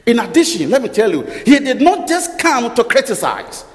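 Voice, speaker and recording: A man's voice: extremely high pitch, big pitch swings, normal speed. A man preaching a sermon, firing rhetorical questions, repeating phrases and correcting himself as he goes. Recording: long reverb of a large hall.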